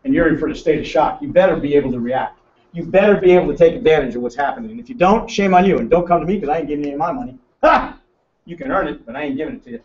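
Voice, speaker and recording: A man giving a brash, joking financial seminar to a room, teasing the audience as he talks. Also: high voice. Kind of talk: lively seminar talk to a room. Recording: roomy, distant, muffled room recording.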